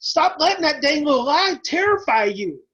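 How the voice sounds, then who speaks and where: A man's voice: very high-pitched, sing-song, normal speed, pushed and bright, highs cut off. A man presenting a parenting webinar, urging parents on in an emphatic, repetitive, preacher-like way. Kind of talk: impassioned webinar teaching.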